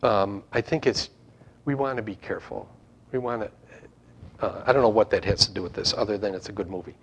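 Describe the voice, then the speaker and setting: A man's voice: on the low side, brisk, lo-fi sound, slight background noise. A man preaching an informal sermon to his congregation, rambling and conversational with frequent restarts. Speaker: pastor.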